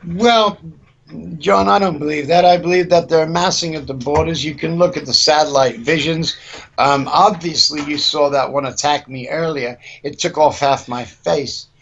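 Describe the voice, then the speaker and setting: A man's voice: on the high side, normal speed, a bit bright, lo-fi sound, a little hiss or hum. A man hosting a mock-serious comedy news show, rambling and stammering as he improvises.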